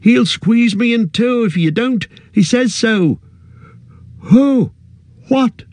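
A man's voice: expressive, a little slow, darkish tone, dry recording, clean studio sound. A man voicing a panicky, earnest young male hobbit in a storybook reading. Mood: panicked. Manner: high, anxious and pleading.

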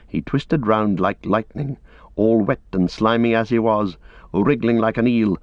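A man narrating a fantasy novel aloud in a steady, measured voice. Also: on the low side, no room sound. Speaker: audiobook reader. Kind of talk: scripted narration. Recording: dull lo-fi dry recording.

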